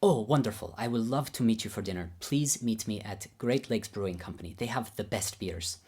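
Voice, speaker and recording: A man's voice: on the low side, a little mellow, slightly rough. A man putting on a formal foreign-accented old teacher. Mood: gracious, formal. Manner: formal, deliberate speech. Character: gracious older male piano teacher, foreign accent.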